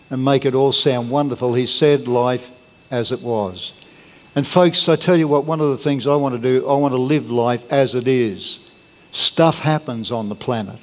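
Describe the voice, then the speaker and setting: A man preaching a sermon as pastor, earnest and plain-spoken, leaning on key words. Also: medium pitch. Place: church hall. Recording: long reverb of a church hall.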